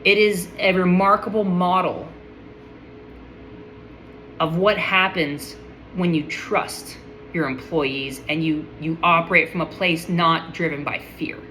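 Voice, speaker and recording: A woman's voice: lowish voice, slow pace, fairly bright tone, a little hiss or hum, poor audio. A woman speaking in a casual, enthusiastic monologue, full of admiration and often restarting her sentences.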